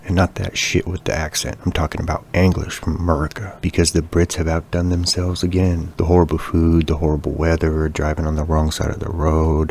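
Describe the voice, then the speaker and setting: Very deep-voiced sarcastic male podcaster. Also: creaky, darkish tone, slight background noise. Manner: profane, sarcastic ranting. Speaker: podcast host. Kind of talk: casual comedic monologue.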